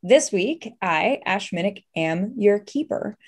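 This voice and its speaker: A woman's voice: medium pitch, lively intonation, slow pace, darkish tone, husky. A woman running a tabletop horror game as game master, upbeat and chatty as she introduces players and sets the scene.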